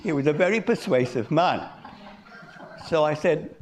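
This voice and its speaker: An older man telling a personal story at a conference, measured and reflective, with pauses. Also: on the high side, lively intonation, a little mellow, a little hiss or hum. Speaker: conference speaker. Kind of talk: personal story told in a talk.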